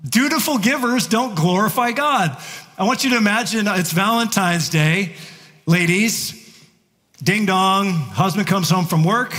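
A man's voice: sits high, a bit bright. A man preaching a sermon to his congregation, talking in a playful, conversational way and chuckling between points. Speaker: pastor. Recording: long reverb of a large hall.

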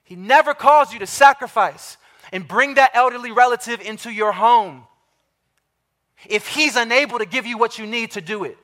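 A man preaching a sermon to his congregation, emphatic, repeating key phrases and slowing down to stress them, often asking the listeners direct questions. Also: extremely high pitch, a bit bright. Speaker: pastor.

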